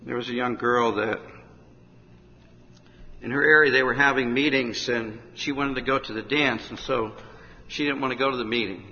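A man preaching an urgent revival sermon in a large hall, rising to shouts at the climaxes. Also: medium pitch, fairly even intonation, moderate pace, long pauses. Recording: dull, echoey hall with faint noise.

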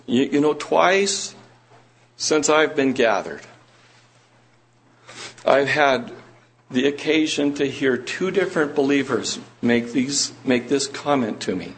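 Slow, husky-voiced man preaching. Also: on the high side, very animated, fairly bright tone. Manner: slow, earnest preaching with rising emphatic questions. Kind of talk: sermon. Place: church meeting room.

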